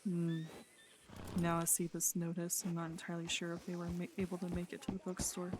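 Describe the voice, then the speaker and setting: A woman speaking in character in a western game roleplay, calm and measured. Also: fairly low pitch, background noise, lightly acted.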